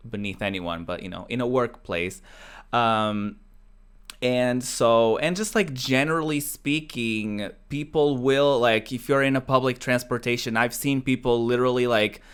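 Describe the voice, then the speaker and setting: A man's voice: mid-range voice, fairly bright tone, clear, resonant tone. A young man from Portugal hosting a casual chat show, talking in a rambling way with many fillers and restarts. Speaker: podcast host.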